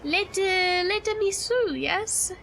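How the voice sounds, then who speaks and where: A woman putting on an exaggerated mock French accent as a comic bit while playing a game, hammy and halting. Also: very high-pitched, creaky, a bit bright, a little hiss or hum, voice pushed up, heavily acted. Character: woman with an over-the-top fake French accent.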